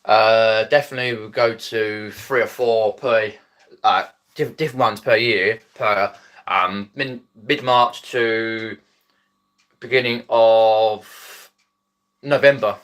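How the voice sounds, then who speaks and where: A man's voice: on the low side, steady tone, slow pace, a bit bright. A man from Surrey with a Mockney accent, chatting casually to viewers on his phone live stream, rambling with many ums and restarts. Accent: Mockney, South East English. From Epsom, Surrey, England.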